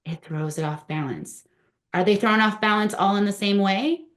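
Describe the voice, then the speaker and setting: A woman's voice: medium pitch, moderate pace. A woman trainer giving a conversational presentation to a room, often asking the group questions.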